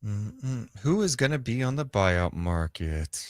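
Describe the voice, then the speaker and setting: A man co-hosting a live sports radio show in casual, chatty talk, reacting quickly and reading viewer comments aloud from a studio. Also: mid-range voice, big pitch swings, no room sound.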